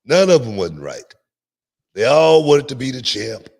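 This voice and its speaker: A middle-aged podcast host and wrestling promoter tells stories in a laid-back, repetitive way, laughing often. His gravelly mid-range voice swings widely in pitch and moves a little slowly. He's on a podcast microphone over a remote stream.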